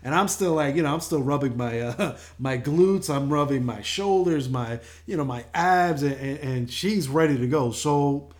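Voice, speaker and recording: An older man talks through a casual health show, chatty and easygoing, laughing often between fillers and restarts. His voice sits a little higher than most men's. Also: moderate pace, hardly any pauses, darkish tone. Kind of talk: casual talk-show monologue.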